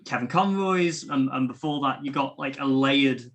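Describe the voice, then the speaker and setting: A man's voice: medium pitch, normal speed, a bit bright. A man hosting a casual interview over a video call, with a sing-song up-down way of talking. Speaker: host.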